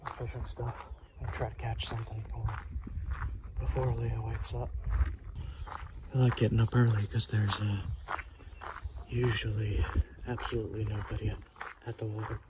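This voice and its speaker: A man's voice: on the low side, normal speed, pauses often. Man vlogging outdoors over background noise. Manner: relaxed, explains as he works. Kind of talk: casual camping vlog. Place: outdoors in the wilderness.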